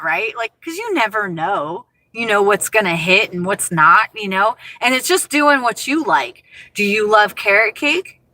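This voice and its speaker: A woman chats with her viewers from the driver's seat, expressive and quick to laugh. Her voice is bright, forceful and on the high side, and it sounds dry and close. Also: no room sound. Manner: expressive, animated, laughs often. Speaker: livestream host chatting with viewers. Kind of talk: casual livestream chat. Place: inside her car.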